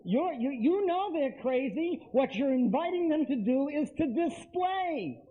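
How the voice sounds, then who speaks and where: A man's voice: very high-pitched, animated, a little slow. A man giving a live lecture to an audience, talking emphatically and straight to them with repeated phrases. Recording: tinny lo-fi lecture recording.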